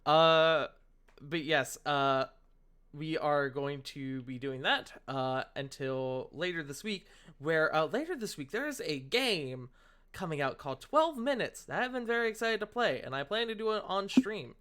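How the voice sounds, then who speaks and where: A man's voice: on the high side, lively intonation, measured pace, a bit bright, smooth. A man hosting a live stream, chatting casually, laughing and swearing. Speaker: host.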